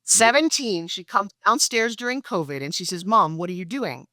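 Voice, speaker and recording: A middle-aged woman, a guest in an interview, telling her story with animated energy and acting out quoted dialogue. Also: moderate pace, no room sound, clean studio sound. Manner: acts out quoted dialogue with lively pitch jumps. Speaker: guest, pitch expert and speaker.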